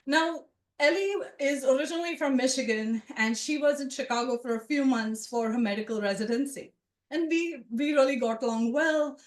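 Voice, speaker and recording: Lively woman storyteller in an echoing hall. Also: high-pitched, moderate pace. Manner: conversational, animated, with asides to the audience. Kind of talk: personal storytelling to a live audience. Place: event room with a live audience.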